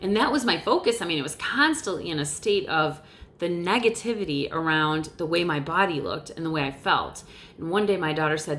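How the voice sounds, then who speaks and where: A woman's voice: lowish voice, normal speed. Emphatic middle-aged woman giving a pep talk. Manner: animated, emphatic, swears casually. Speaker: motivational vlogger. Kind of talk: casual motivational talk to camera. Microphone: camera mic, looking off-lens.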